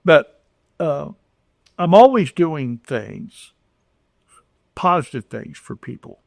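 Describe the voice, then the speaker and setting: A man's voice: fairly high pitch, big pitch swings, slow pace, creaky, dry recording, clean studio sound. An older man from Houston, Texas, talking earnestly as a podcast guest, with frequent restarts and acted-out dialogue. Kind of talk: conversational storytelling.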